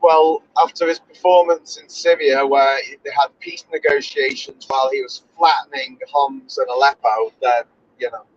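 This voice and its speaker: On a dull, dry, lo-fi recording, a man hosting a podcast speaks at normal speed with big swings in his medium-pitched voice. His casual talk wanders, full of opinions and self-corrections.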